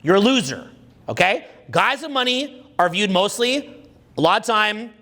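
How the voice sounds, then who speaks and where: A man's voice: high voice, very animated, unhurried, pushed and bright. A man running a live dating seminar, crude and joking, quizzing the audience and making them repeat words. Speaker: dating coach.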